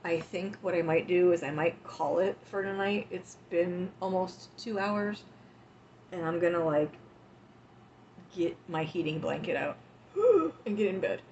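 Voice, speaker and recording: A woman's voice: fairly low pitch, steady tone, a little slow, darkish tone, highs cut off, slight background noise. A woman in her forties, a livestreamer chatting casually with her viewers at home, emotional and close to tears as she thanks them. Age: 40s. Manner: tearful and affectionate, talking to chat.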